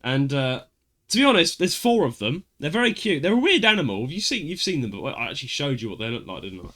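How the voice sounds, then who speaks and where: Lively bright-voiced British man. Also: fairly high pitch, fast. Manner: animated storytelling, laughing often. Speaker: podcast host. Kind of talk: casual chat.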